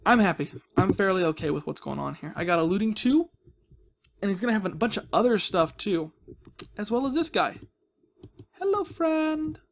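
A man's voice: sits high, creaky. A man hosting a casual game commentary, playful and jokey, cooing at the characters he plays with. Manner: playful, talks baby-talk to villagers, jokey asides. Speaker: gaming video host. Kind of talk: casual Minecraft let's-play commentary. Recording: faint background noise.

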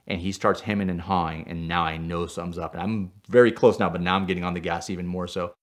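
Low-voiced man, excitable storyteller. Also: fast. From Puerto Rico. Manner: excitable, tags lines with "right?", gets worked up as he tells it. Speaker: stunt driver telling car stories. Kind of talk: animated personal storytelling.

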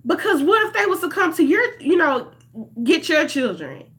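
A woman's voice: high voice, big pitch swings, moderate pace, fairly bright tone. A young woman, talking straight to her viewers in an impassioned vlog. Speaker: vlogger. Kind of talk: emotional direct-to-camera commentary.

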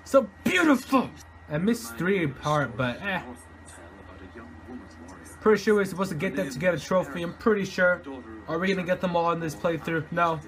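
A man playing a horror game and commenting casually, jumpy and swearing constantly, yelling and laughing at the scares. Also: high-pitched, moderate pace, pauses often. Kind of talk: casual let's-play commentary.

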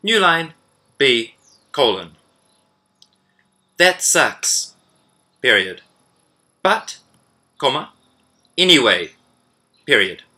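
A male English teacher reading a dictation exercise slowly and deliberately, calling out each punctuation mark. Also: mid-range voice, big pitch swings, pushed and bright.

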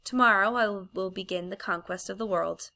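A woman's voice: medium pitch, a little fast, pushed and bright. A woman reading the lines of a cold, imperious witch queen in an audiobook, commanding and contemptuous.

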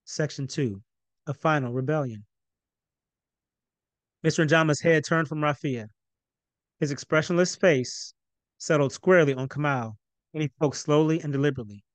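A man reading his own novel aloud in an even storytelling narration. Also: a little high, moderate pace, long pauses, no echo. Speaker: author.

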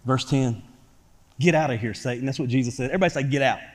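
A pastor preaching a sermon to his church, swinging from quiet talk to loud shouting. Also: medium pitch, fast talker. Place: church sanctuary. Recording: church hall reverb.

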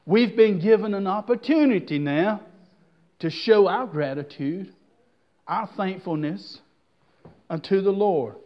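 Male pastor, very high voice, slow delivery, folksy sermon, dull lo-fi church tape. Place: church service.

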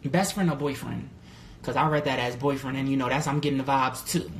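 A man talking casually on a live stream, candid and full of swearing, reading out viewer comments and jumping to a high pitch when excited. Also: fairly quick. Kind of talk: casual livestream chat. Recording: roomy echo with faint background noise.

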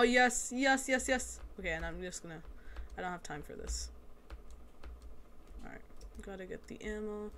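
In this let's-play clip, a woman plays a video game and comments casually, her lowish voice accompanied by a little hiss or hum. She gets excited easily and is quick to exclaim at what happens.

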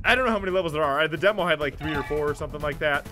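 A let's play host giving excitable commentary, yelping and swearing at the game, talking to themselves and repeating words. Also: medium pitch, rapid-fire. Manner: talks to self and the mic, repeats words. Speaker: gaming channel host. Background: game music.

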